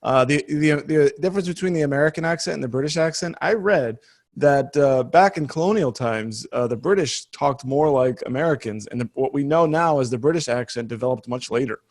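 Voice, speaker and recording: A man's voice: mid-range voice, a little fast. A man co-hosting a podcast, rambling and hesitant as he brings up the stories. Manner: rambling, hesitant, many restarts and laughs. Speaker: podcast co-host. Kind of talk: casual chat.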